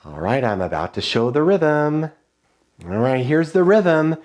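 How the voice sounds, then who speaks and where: A male music teacher leading children through rhythm dictation, chanting rhythm syllables in a high sing-song and giving clear, encouraging call-and-response instructions. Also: sing-song, a little slow, darkish tone. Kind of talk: online music lesson for children.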